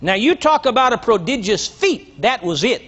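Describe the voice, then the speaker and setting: Older male pastor, very high lively voice, emphatic teaching sermon, muffled lo-fi tape. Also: slightly rough. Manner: emphatic preacher, slow drawn-out scripture reading, asks the congregation questions. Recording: dull lo-fi sermon recording.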